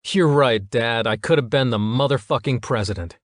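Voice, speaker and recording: A man's voice: mid-range voice, moderate pace, no room sound, clean studio sound, lightly acted. Chase, a man voicing a bitter sarcastic young man. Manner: sarcastic, biting.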